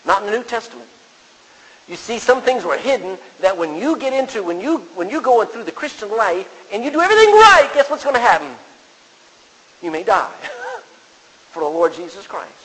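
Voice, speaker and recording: A man's voice: high-pitched, sing-song, normal speed, a bit bright, husky. A man preaching a sermon in a conversational way, quoting scripture and putting questions to the congregation. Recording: long reverb of a large hall.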